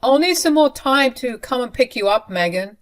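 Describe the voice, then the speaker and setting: An impatient husband who brushes everyone off, read by a woman narrator. The lines come out higher and louder than the narration around them, in a plain storybook reading. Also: expressive, moderate pace, natural voice. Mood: dismissive. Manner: dismissive, impatient. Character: dismissive husband, adult man.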